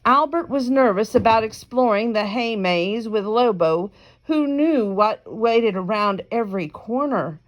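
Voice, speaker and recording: A woman reading a children's picture book aloud, slow and careful, with chatty asides between pages. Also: a little high, highs cut off. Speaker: reader.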